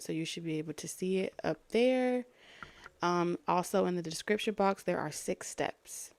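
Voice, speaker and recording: A woman's voice: lowish voice, gravelly, a little mellow, no room sound. A woman, casually chatting to viewers during a live-stream tarot reading, her breathing audible near the mic. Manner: casual and chatty, talking to viewers between card pulls. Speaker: tarot reader.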